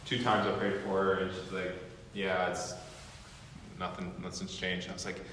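A young man giving a guest teaching at a training school, telling stories in an animated way and acting out what people said. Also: low-pitched, normal speed, slight background noise. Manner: animated storyteller acting out quotes. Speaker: guest lecturer. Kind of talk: storytelling sermon. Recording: echoey hall with long reverb.

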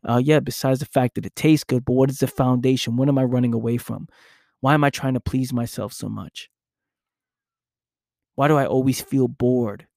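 A man's voice: medium pitch, gravelly, darkish tone, no room sound, clean studio sound. A young man speaking in an intense motivational monologue, acting out his own past inner voice.

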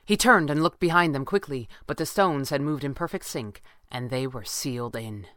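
A woman narrating an adventure story in a steady, measured audiobook style. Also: a bass voice, no room sound, studio quality.

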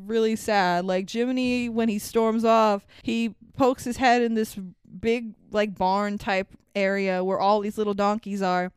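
A woman's voice: medium pitch, fairly even intonation, a little slow, few pauses, clear, resonant tone, no room sound. A young woman co-hosting a casual podcast, recapping a movie with frequent laughter and acted-out character lines. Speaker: podcast co-host.

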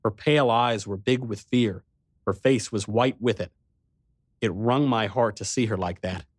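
A man narrating an audiobook in the first person, steady and measured. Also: fairly low pitch, no echo, studio quality.

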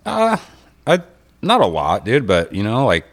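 A man who fishes, talking casually and profanely in a relaxed chat, often saying "dude". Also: lowish voice, unhurried. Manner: laid-back, profane, says "dude" often.

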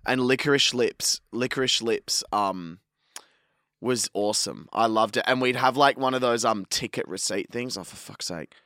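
A man's voice: mid-range voice, normal speed, sharp tone, no echo, studio quality. A young man, co-hosting a casual podcast chat, laid-back and slangy, swearing freely. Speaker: podcast co-host.

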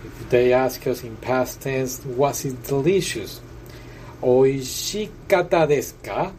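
A man's voice: medium pitch, slow, darkish tone, slight background noise, low-quality recording. A man working through a language app lesson, chatty and often repeating and correcting himself. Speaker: language tutor. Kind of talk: casual lesson walkthrough.

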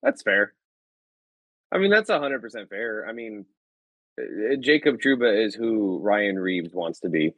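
A man co-hosting a sports podcast with a somewhat low voice. He talks bluntly and in a laid-back way, with a lot of swearing. The recording is dry and close to the mic. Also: lively intonation, measured pace, fairly bright tone, no room sound, rough recording. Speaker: podcast co-host. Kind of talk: casual sports chat.

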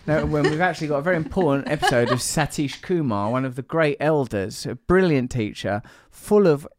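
A man's voice: on the high side, expressive, fairly quick, dry recording, clean studio sound. A man hosting a podcast in loose, rambling chat, teasing his co-host and laughing often. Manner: playful, teasing, breaks into laughter.

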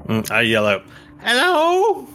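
A man playing in a tabletop game, chatty and quick to laugh, describing what his character does. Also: mid-range voice, bright, forceful tone, faint music behind. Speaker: player.

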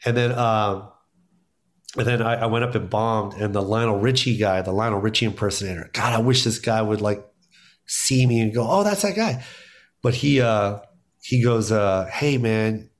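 Animated man telling comedy war stories. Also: on the low side, moderate pace. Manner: animated, acts out quotes, laughs often. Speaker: stand-up comedian guest. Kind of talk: casual podcast storytelling.

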